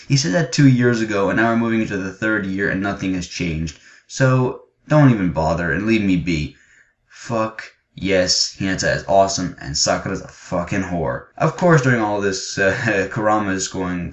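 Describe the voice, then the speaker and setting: A man giving a casual, excitable and profane review of an anime chapter, gushing about his favorites, in a muffled, echoey recording. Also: on the low side, brisk. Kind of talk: casual enthusiastic review vlog.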